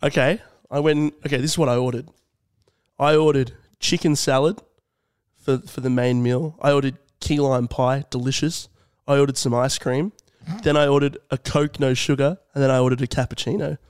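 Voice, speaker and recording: A man co-hosting a comedy podcast in casual banter. He teases his co-host, laughs loudly and often, and swears freely. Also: mid-range voice, fairly even intonation, moderate pace, smooth, no room sound, studio quality.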